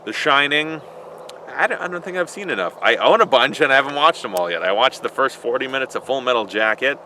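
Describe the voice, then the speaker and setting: Man, vlog Q&A outdoors, bright voice, loose and joking, swears a lot, faint traffic. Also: medium pitch, lively intonation, fast talker. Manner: rambling, joking, profane. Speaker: vlogger answering viewer questions. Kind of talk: casual Q&A vlog. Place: outdoors in a built-up area.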